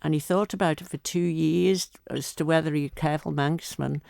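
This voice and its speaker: A woman's voice: sits low, fairly even intonation, normal speed, creaky, darkish tone, no room sound, clean studio sound. An older woman with a Manx accent, a guest telling self-mocking anecdotes in a casual interview. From Isle of Man. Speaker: guest entertainer.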